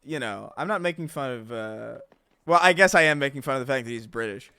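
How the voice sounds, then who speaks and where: A man's voice: mid-range voice, animated, fairly quick, gravelly, pushed and bright, clear, resonant tone, no room sound. A young man streaming games, chatting casually, joking and swearing with frequent restarts. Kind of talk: casual gaming-stream chat.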